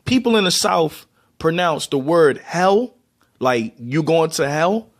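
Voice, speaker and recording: A man's voice: fairly high pitch, expressive, slow pace. A man from Baltimore with a Baltimore accent, casually explaining and demonstrating how words are pronounced, with loose restarts. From Baltimore, USA. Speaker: vlogger.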